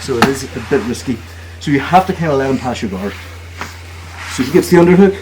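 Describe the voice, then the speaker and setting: A man teaching jiu-jitsu technique during a live demonstration, talking in halting phrases and often checking in with "okay?". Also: mid-range voice, animated. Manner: talks while moving on the mat, halting phrases. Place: training room at a retreat. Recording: noisy room recording.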